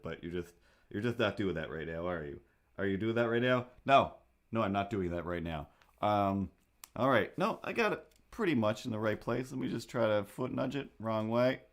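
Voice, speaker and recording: A young man hosting a livestream, chatting casually in a rambling, jokey, self-deprecating way while he sets up. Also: low voice. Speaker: livestream host. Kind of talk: casual chat while setting up a drawing stream.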